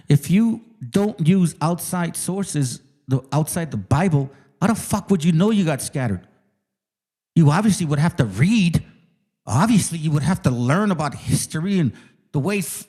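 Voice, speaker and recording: A man's voice: on the high side, animated, moderate pace, a little mellow, breathy edge. A man hosting his own channel and ranting casually at his viewers. He sounds profane, mocking and combative, and he repeats words for emphasis. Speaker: channel host. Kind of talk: heated casual rant to viewers.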